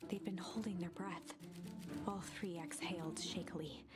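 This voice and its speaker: A woman streamer reading a visual novel aloud in hushed, whispered narration. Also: lowish voice, fairly even intonation, moderate pace. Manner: hushed, breathy storytelling. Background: music.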